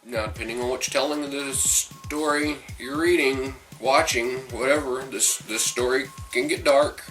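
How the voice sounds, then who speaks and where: A man's voice: medium pitch, fairly even intonation, measured pace, a bit bright, far from the mic. A man giving a casual, rambling movie review who often stops mid-sentence to restart or comment on himself. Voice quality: rambling, restarts and self-interruptions. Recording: voice from off-mic with faint music.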